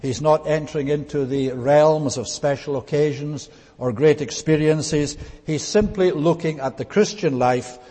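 A man with a slightly raised pitch and a husky edge preaches a verse-by-verse sermon. He explains each point in a deliberate, teacherly way and pauses often on small fillers. His voice carries a long reverb from a church hall. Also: mellow. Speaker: pastor. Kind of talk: expository Bible sermon.

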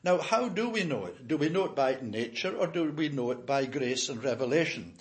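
An older man preaching an expository sermon, reading scripture aloud and then explaining it slowly with firm emphasis. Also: mid-range voice, animated.

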